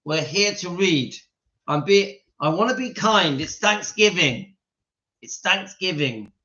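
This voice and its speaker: Speaking slowly in a high-pitched voice with lively intonation, a man hosts an informal home live stream, and his tone is bright and pushed. He keeps dissolving into laughter and pausing to talk to his dog indoors. The recording sounds dull and lo-fi.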